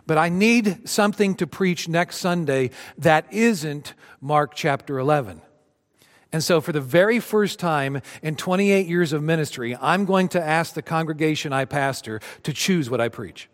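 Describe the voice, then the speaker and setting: A man in his fifties, a pastor preaching a sermon to his congregation and reading scripture with dramatic rises and drops. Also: moderate pace. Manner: dramatic scripture reading, rising for cries and dropping low. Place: church sanctuary. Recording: long reverb of a church hall.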